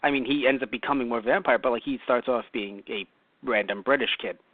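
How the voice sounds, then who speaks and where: A man's voice: mid-range voice, fairly quick, dry recording. A man from New York co-hosting a casual talk show, rambling and correcting himself with lots of fillers. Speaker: podcast co-host. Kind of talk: casual chat. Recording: dry, phone-like lo-fi audio.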